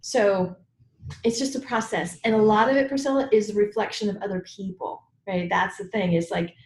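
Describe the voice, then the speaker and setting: A woman coach, a guest expert in an interview, telling her story in an animated way with laughs. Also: mid-range voice, moderate pace, roomy sound. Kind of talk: conversational interview.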